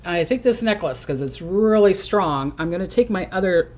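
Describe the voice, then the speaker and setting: A woman's voice: fairly low pitch, animated, normal speed, a little mellow. An older woman hosting a casual psychic livestream from her recliner at home, chatty and hyper, often giggling. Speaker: psychic host.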